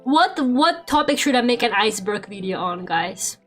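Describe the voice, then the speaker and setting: Young woman streamer, higher voice, rambly and sweary chat, faint music behind. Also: very animated, normal speed, fairly bright tone. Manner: rambling, swears a lot, laughs often. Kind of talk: casual chat while drawing on stream.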